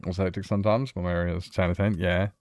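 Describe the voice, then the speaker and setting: Chatty Australian man, low voice. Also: level tone, fast talker, a little mellow. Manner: rambling and chatty, laughs often, many restarts. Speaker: streamer. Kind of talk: casual chat with viewers while playing a survival game.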